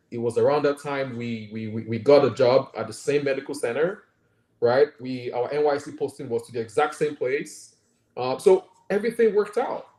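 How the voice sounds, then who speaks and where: During a conversational interview with roomy echo, a guest doctor speaking with a Nigerian accent reflects earnestly, frequently adding "right?". His voice is medium-pitched and a little mellow.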